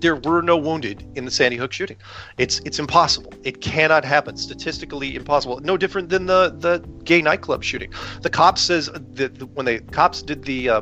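A podcast guest who runs his own channel rants heatedly and rapidly, restarting sentences and tossing in rhetorical "right?" as he pushes his point. His voice is a little high with a sharp tone, captured in dull lo-fi sound over faint music.

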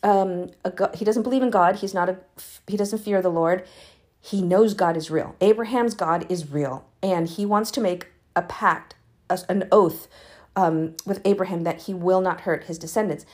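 A woman's voice: on the low side, moderate pace, darkish tone. A woman hosting a podcast, retelling Bible chapters in a casual, chatty way with fillers and growing earnest emphasis. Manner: earnest, rising emphasis when urging prayer. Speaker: podcast host reading the Bible. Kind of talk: casual Bible reading and commentary.

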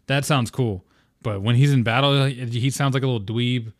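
A man's voice: medium pitch, fairly even intonation, fairly quick, dry recording. Rambling, cursing podcast guy, dry close mic. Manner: rambling, profane, filler-heavy. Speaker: podcast host. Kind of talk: casual solo podcast talk.

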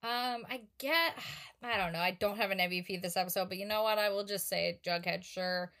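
Bright-voiced sarcastic woman podcaster. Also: mid-range voice, fairly quick. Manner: joking, sarcastic asides. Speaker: podcast co-host. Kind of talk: casual recap chat.

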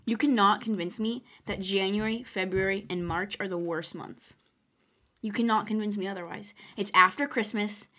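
A woman's voice: mid-range voice, steady tone, moderate pace, pushed and bright. A teenage girl co-hosts a casual podcast at home, her voice sitting in a middle register. She chats eagerly and laughs easily, with a bubbly, chatty manner. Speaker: podcast co-host. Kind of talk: casual chat. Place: bedroom, doing hair and nails.

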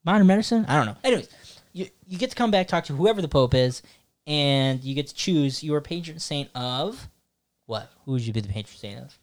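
A man's voice: a little high, lively intonation, a little fast. A young man hosting his podcast, chatting casually in a rambling, jokey, playful way. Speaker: podcast host. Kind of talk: casual chat.

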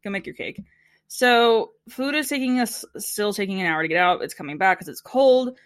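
A woman's voice: mid-range voice, moderate pace, no echo. A woman casually recapping a TV episode with a co-host, acting out the people she quotes and laughing often. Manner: animated storytelling, quotes people in put-on voices, laughs often. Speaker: podcast co-host.

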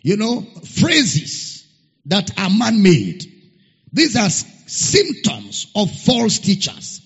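A pastor preaching a sermon, emphatic and repetitive, sometimes singing words. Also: male voice, high-pitched, huge pitch swings, slow, breathy edge. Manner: emphatic, repeats key phrases, sings some words. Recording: dull lo-fi recording in a reverberant hall.

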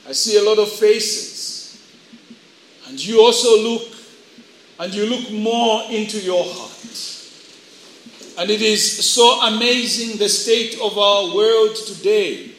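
A man's voice: high-pitched, fairly bright tone, slight background noise. A man preaching a sermon to young people, acting out voices as he tells stories. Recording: echoey room.

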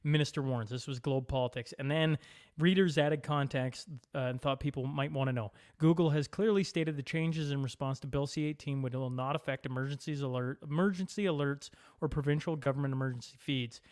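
A man's voice: medium pitch, brisk, no room sound, studio quality. A man co-hosting a podcast, joking around and reading posts aloud in a casual way. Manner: animated, joking, reads tweets aloud. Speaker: podcast co-host. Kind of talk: casual political chat.

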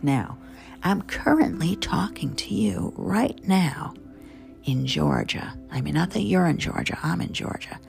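A woman in her fifties from New Jersey with a Southern accent, a chef hosting a show, telling rambling, wry stories and digressing often. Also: mid-range voice. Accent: Southern American over New Jersey. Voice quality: gravelly. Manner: chatty, digressive, animated, wry. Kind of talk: rambling storytelling monologue. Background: music.

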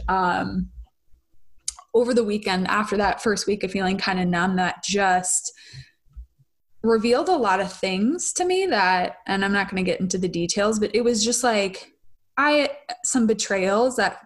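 A young woman sharing a personal story with her audience in a confessional, casual way, swearing freely and often asking "right?". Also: mid-range voice. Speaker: spiritual vlogger.

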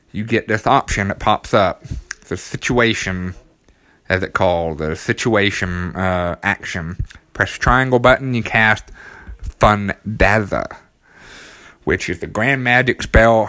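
A man's voice: deep voice, fairly bright tone, clear, resonant tone, no room sound, studio quality. A man with a small child, talking casually about a video game, with lots of ums and restarts. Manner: rambling, many ums and restarts, enthusiastic. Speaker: gaming commentator.

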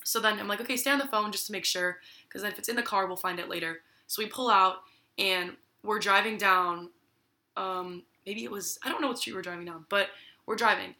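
A young woman tells a story in easy, casual talk. She acts out each person's lines and fills her talk with "like." Her voice is very bright and clear. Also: medium pitch, brisk. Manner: lively storyteller, acts out quotes with many "like"s.

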